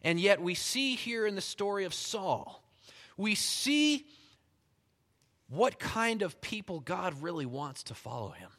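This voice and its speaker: A man's voice: high-pitched, slow pace. Man preaching in a reverberant hall. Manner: animated storytelling, reads scripture aloud, chuckles often. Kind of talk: sermon.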